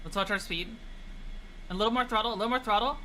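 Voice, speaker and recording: A woman's voice: medium pitch, fast, bright, forceful tone, a little hiss or hum, poor audio. A young woman streaming a flight game, chatting casually and teasing her chat in a playful way.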